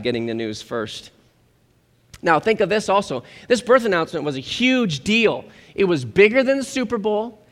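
A man preaching a sermon as pastor, lively and animated, acting out quotes of the people he talks about. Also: high-pitched. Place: church sanctuary. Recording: church hall with long reverb.

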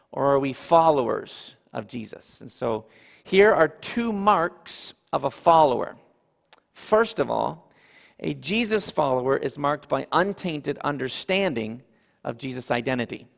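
A man preaching a sermon as pastor, emphatic and animated, with asides to the congregation. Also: on the high side, unhurried, creaky. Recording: reverberant hall.

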